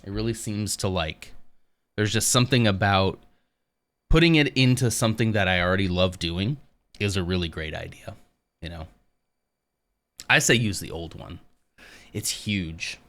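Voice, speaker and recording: A deep, smooth male voice at normal speed, broken by long pauses, comes from a man live streaming in his home office. He chats with his viewers in a relaxed, slightly rambling way.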